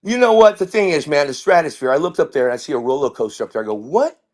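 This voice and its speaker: A middle-aged man, a comedian, telling rambling stories in an animated way and dropping into voices. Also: a little high, very fast. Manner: rambling, jumps into impressions and character voices. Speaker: comedian guest.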